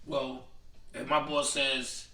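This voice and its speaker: A man co-hosting a casual chat show, animated and profane, often restarting his sentences. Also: mid-range voice, slow, reverberant, far from the mic, faint music behind. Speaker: podcast co-host.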